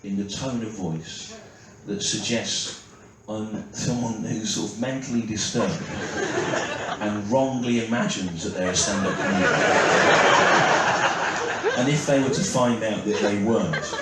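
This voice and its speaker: A man's voice: fairly low pitch, measured pace. A man doing a stand-up routine, self-mocking and sardonic, with frequent "right?" asides. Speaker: stand-up comedian. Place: large theatre stage. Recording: echoey theatre from far off, loud noise. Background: audience laughter.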